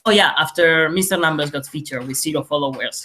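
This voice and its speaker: A man's voice: a little high, a little fast, sharp tone, soft background music. Rambling man on a glitchy call. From Spain. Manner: self-deprecating, tangent-prone, swears freely. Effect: robotic glitchy connection. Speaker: podcast host. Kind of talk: rambling casual chat. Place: home. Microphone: laptop headset on a call.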